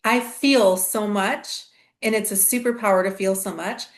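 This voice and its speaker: A woman's voice: mid-range voice, fairly even intonation, a little slow. A middle-aged woman hosting an astrology channel, talking through a reflective spiritual monologue in a meandering way, with many restarts and fillers.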